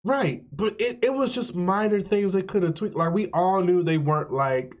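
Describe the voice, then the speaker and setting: A man's voice: sits high, normal speed, dull audio. A man hosting a gaming channel, giving chatty, opinionated, emphatic let's play commentary.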